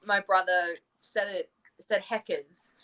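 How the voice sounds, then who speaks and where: Casting: woman spoken-word poet, animated storyteller, mid-pitched, chatty on a live stream. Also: slow, low-quality recording. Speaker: open mic poet. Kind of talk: spoken word, then casual chat. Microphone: live-stream call.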